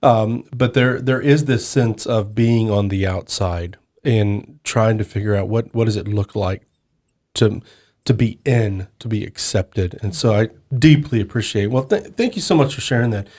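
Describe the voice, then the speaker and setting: A man co-hosting a podcast, explaining in a measured way with some restarts. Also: on the low side, a little mellow. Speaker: podcast co-host.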